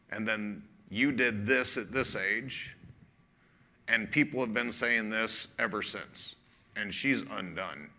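Animated storytelling male pastor. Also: lowish voice. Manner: animated storytelling, acts out dialogue; casual, conversational preaching with fillers. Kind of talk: sermon storytelling.

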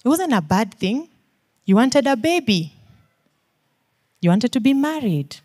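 A woman's voice: on the high side, big pitch swings, unhurried, darkish tone. A woman preacher with a Kenyan accent delivers a sermon. She pleads earnestly with her listeners and fires off question after question. She drops almost to a whisper, then leans in with emphatic force.

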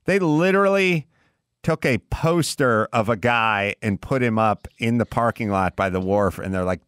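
A man's voice: mid-range voice, fairly bright tone, clean tone, no room sound. Podcast host, male, comedic riffer, dry close-mic sound, casual swearing. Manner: riffing, swearing, quick jokes.

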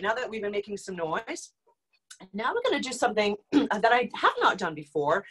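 A woman's voice: mid-range voice, very animated, normal speed, fairly bright tone, slightly rough, low-quality recording. A woman voice teacher leading an online group vocal exercise lesson, explaining and demonstrating exercises, her voice a little dry. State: slightly dry voice.

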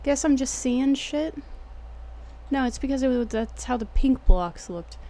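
Speaking at a measured pace in a high, animated voice with a dark tone, this young woman with a Texan accent jokes around while streaming a game. Her gameplay commentary is laid-back and slangy, and she swears casually.

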